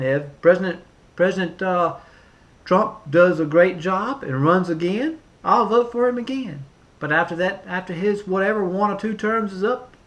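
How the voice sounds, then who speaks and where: A man, pitched a little high for a man, delivers a political rant to camera. He talks emphatically and repeats phrases, stumbling through fillers and restarts. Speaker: vlogger.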